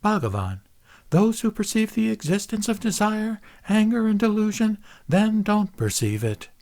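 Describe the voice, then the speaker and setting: A man's voice: sits high, big pitch swings, normal speed, a little mellow, voice pushed up. A man reading the lines of an earnest male disciple answering his teacher, with an earnest, rising delivery.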